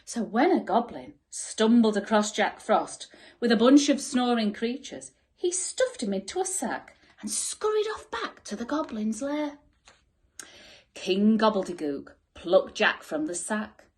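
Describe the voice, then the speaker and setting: A woman teacher reading a bedtime story expressively and sometimes dropping to soft whispers. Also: fairly high pitch, sing-song, measured pace. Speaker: school teacher.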